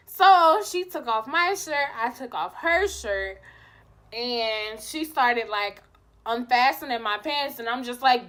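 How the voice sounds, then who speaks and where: A young woman vlogger telling a casual storytime, animated and profane, acting out her own lines. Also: fairly high pitch, a little slow.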